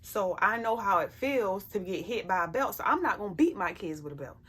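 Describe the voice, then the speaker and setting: Talking to her camera in a casual personal vlog, a parent gives life advice about being a parent, bluntly and emphatically, constantly checking in with "you know what I'm saying." She speaks briskly with lively intonation, in a medium-pitched, slightly rough, somewhat bright voice.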